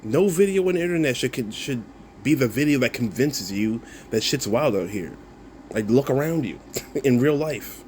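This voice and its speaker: Guy ranting back at comments, mid-pitched, scoffing and profane, laughs a lot, faint hum behind. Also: animated, moderate pace, a little mellow. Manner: mocking, laughs often, swears, repeats himself. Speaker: content creator replying to comments. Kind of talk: casual video rant.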